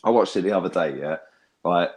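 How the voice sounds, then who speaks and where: Sweary, animated young man. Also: low-pitched, a little fast. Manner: loud, sweary, animated ranting. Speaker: fan channel host. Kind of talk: heated casual fan chat.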